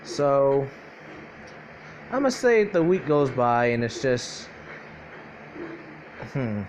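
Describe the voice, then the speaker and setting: A man's voice: medium pitch, big pitch swings, extremely slow, a little hiss or hum. A young man casually improvising a fan-fiction story aloud, rambling and profane, full of fillers and self-corrections.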